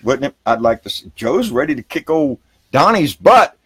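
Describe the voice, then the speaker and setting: A man's voice: sing-song, moderate pace, husky, dry recording. Profane man ranting, dry sound. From Texas. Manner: jumps up high and bright to greet viewers. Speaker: political talk show host. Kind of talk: live political rant and viewer shout-outs. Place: outdoors by a river.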